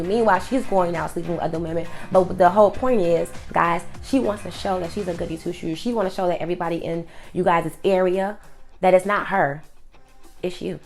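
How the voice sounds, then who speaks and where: A woman hosting an advice monologue, speaking emphatically with lots of repetition. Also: lowish voice. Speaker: host.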